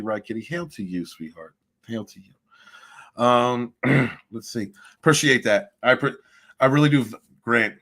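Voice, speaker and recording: A man hosting a livestream, reading viewer chat and ranting in a rambling, profane way with loud swings of emphasis. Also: mid-range voice. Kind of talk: casual rant and chat.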